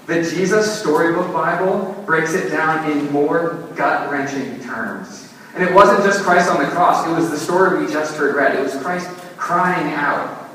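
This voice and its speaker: A young man, a pastor, preaching a sermon with lively, self-mocking storytelling. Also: a little high, distant mic, a little hiss or hum. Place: church sanctuary. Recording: echoey church hall, mic from afar.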